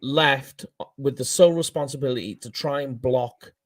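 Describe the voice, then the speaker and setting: A Welsh man co-hosting a sports podcast, talking in an animated, self-deprecating way. His voice sits at an ordinary pitch. The sound is dry and close, with no room around it. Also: moderate pace, dry recording. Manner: animated, self-deprecating, laughs at own slips. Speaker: co-host. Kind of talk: casual sports podcast chat.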